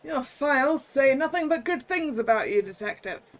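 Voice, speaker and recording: A streamer playing a hearty police chief. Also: male voice, very high voice, lively intonation, normal speed, a bit bright, pitched above the performer's own voice. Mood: approving. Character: hearty male police chief with a deep laugh.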